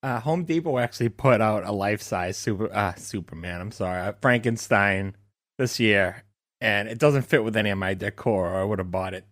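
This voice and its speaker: A man's voice: lowish voice, brisk, a bit bright, dry recording, studio quality. A man co-hosting a podcast, cracking wise in casual chat. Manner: wisecracking. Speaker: podcast co-host.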